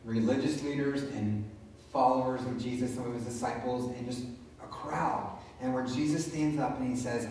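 A man's voice: mid-range voice, moderate pace, a little mellow, slight background noise. Male pastor, casual preaching manner, recorded from afar in a strongly reverberant room. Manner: conversational, retelling scripture in his own words. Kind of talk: sermon. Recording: very echoey room, voice from a distance.

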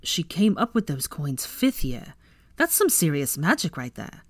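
A woman's voice: low voice, sing-song, measured pace, no room sound, exaggerated voice. A woman doing a laid-back young man. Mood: easygoing.

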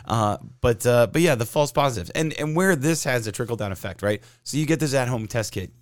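A man's voice: medium pitch, animated, a little fast, no echo, studio quality. A man hosting a podcast in casual chat, sarcastic and swearing freely as he rants, stuffy with a sinus cold. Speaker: podcast host.

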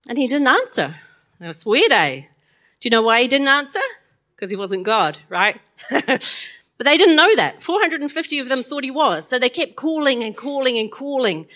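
A woman's voice: sits high, expressive, normal speed, a bit bright. A woman retelling a Bible story in a chatty, playful way, often asking her listeners questions. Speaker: Bible lesson teacher.

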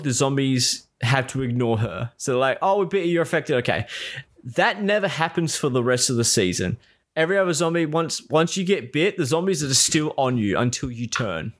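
A man's voice: medium pitch, a bit bright. Profane, exasperated man recapping a show. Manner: profane, exasperated, acts out quoted lines. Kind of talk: casual spoken recap.

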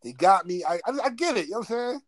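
A man telling a funny story from his school days in a loose, animated way, repeating himself and laughing. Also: high voice, quick pace, dry recording. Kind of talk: casual storytelling.

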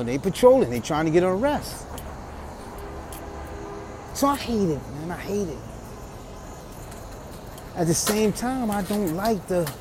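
A man with a New York accent hosts a podcast while he walks outdoors through the city. He speaks in a fairly high voice, with emotion and street slang, and keeps circling back over his own phrases. Faint traffic and street noise run underneath him. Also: darkish tone. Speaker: podcast host. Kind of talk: walking monologue podcast.

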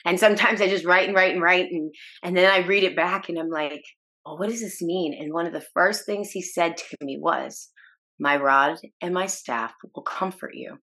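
A woman with a slightly low voice shares her personal faith story as a podcast guest. She speaks earnestly and emotionally, often restarting her sentences and breaking into small laughs. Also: normal speed, bright, forceful tone. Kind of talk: personal testimony in a podcast interview.

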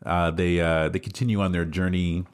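Man, podcast host, casual film chat, lowish voice, keeps laughing. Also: level tone, moderate pace, clear, resonant tone. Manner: laughs often while retelling scenes.

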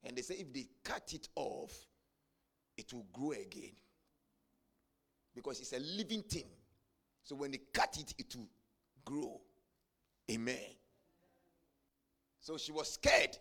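A man preaching a sermon, telling a story and building to shouted climaxes. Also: fairly high pitch, sing-song, a little slow, pauses often, slightly rough. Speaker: pastor.

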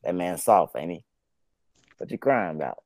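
A man's voice: low voice, very animated, normal speed, a little mellow. A young man co-hosting a casual sports podcast, teasing and laid-back, repeating himself in slang. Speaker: podcast co-host.

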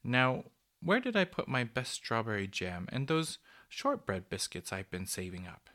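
A man voicing a kindly, lonely old female cuckoo in a storybook, with a soft, cooing, fussy, genteel manner. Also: medium pitch, huge pitch swings, measured pace, exaggerated voice. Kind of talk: storybook reading.

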